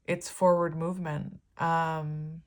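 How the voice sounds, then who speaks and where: A woman's voice: deep voice, flat delivery, takes it slowly. A woman giving a casual tarot reading, talking in a rambling, filler-heavy way and easily moved. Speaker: tarot reader.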